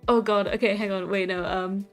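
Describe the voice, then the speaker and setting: A woman's voice: medium pitch, lo-fi sound. A woman hosting a casual livestream, chatting in a rambling way with lots of fillers and frequent giggles. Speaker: livestream host. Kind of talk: casual livestream chat while drawing. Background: faint background music.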